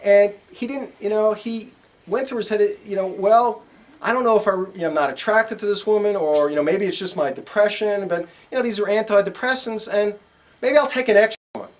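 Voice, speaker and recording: Animated middle-aged American man telling stories. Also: high-pitched, brisk, low-quality recording. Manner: animated anecdotes, acting out quoted voices. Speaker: author and psychologist giving a talk. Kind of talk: storytelling to a live audience. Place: bookstore event room.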